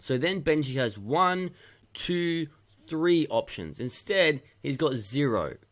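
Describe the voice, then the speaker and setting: A man's voice: on the high side, big pitch swings, slow. A male youth football coach giving stern feedback on match video, hammering his points home by repeating them.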